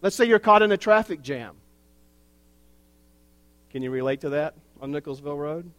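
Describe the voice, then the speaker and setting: A pastor delivering a sermon in a slow, earnest way, with wry asides. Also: male voice, fairly high pitch, lively intonation, a bit bright, dry recording.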